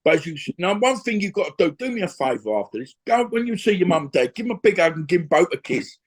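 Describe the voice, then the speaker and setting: An older English man, a former boxer, appears as an interview guest on a video call, telling a blunt, emotional story. His high-pitched voice is sing-song and fast, and he often restarts his sentences.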